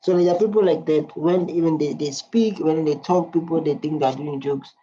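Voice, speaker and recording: A man hosts a casual reaction video, talking in loose, informal English and laughing often. His voice is mellow. The recording sounds dull and lo-fi. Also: fairly high pitch, moderate pace, a little hiss or hum.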